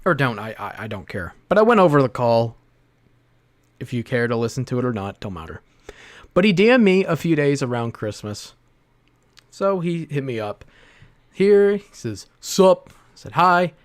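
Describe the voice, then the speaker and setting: A man's voice: medium pitch, sing-song, moderate pace, pauses often. A man casually commentating on his stream, rambling with frequent laughter and swearing. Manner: laughs often, swears freely, rambling asides.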